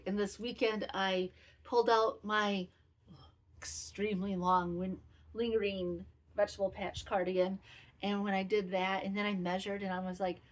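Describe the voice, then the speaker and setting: A woman's voice: medium pitch, steady tone, unhurried. A woman in her fifties hosting a knitting podcast, talking candidly and self-critically in a rambling, casual way. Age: 50s. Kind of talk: casual personal chat.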